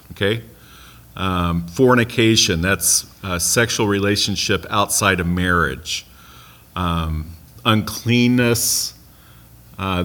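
American guy leading bible study, lowish voice but bright and forceful, chatty, keeps quizzing the class. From United States. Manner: conversational, asks the class questions, joking asides.

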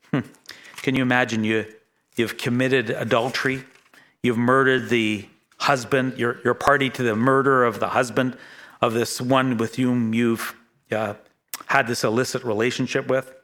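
A middle-aged man preaching a sermon, earnest and halting, often restarting his sentences. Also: mid-range voice, fairly bright tone. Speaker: pastor.

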